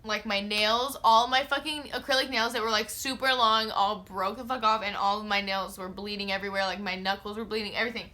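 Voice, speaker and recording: Bright-voiced young woman telling a story. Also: mid-range voice, a little fast, few pauses. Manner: slangy and profane, lots of filler "like"; expressive, acts out her own quotes. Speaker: vlogger. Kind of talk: casual storytime.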